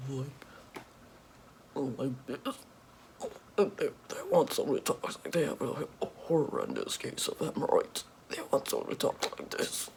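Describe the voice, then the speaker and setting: A young woman voicing a greedy, cruel billionaire boss man in a comic whispered role-play, with a put-on deeper, soft, whispery voice and a smug, mocking manner. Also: slight background noise, full character voice.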